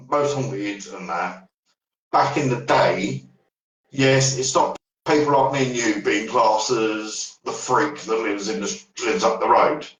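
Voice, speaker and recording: A man, telling ghost stories in a rambling podcast chat, trailing off and restarting. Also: a bit bright. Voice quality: deep voice. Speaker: paranormal investigator guest. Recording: echoey room, far from the mic.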